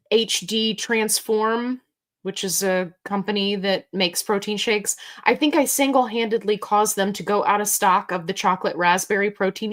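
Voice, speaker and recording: A woman hosting a casual livestream Q&A, talking in a chatty, rambling, joking way with plenty of tangents. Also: medium pitch. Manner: chatty, rambling, jokey storytelling. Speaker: host.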